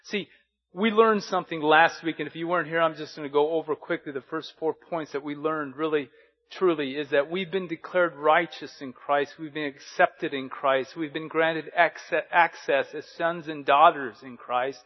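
A man's voice: on the high side, steady tone, normal speed, lo-fi sound. A man preaching a sermon as pastor, earnest and fond of repeated rhetorical questions.

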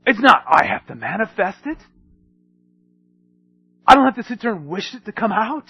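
A man preaching a sermon, swinging between hushed asides and emphatic storytelling. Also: high voice, very animated, normal speed, husky, no echo, dull audio.

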